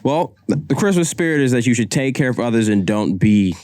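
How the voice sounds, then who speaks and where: A man's voice: mid-range voice, expressive, a little fast, darkish tone, no echo, clean studio sound. A man co-hosting a podcast, giving blunt, short reactions in casual chat. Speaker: podcast co-host.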